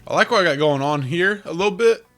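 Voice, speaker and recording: A man chatting casually as he plays a game, with a rough morning voice, rambling and thinking aloud. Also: high voice, expressive, fast talker, fairly bright tone, soft background music. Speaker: game streamer. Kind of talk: casual gameplay commentary.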